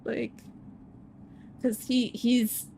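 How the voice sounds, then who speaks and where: A woman's voice: fairly high pitch, flat delivery, extremely slow, vocal fry, warm tone, slight background noise. A woman streamer giving casual live commentary on a game, chatty and emotional, with frequent fillers.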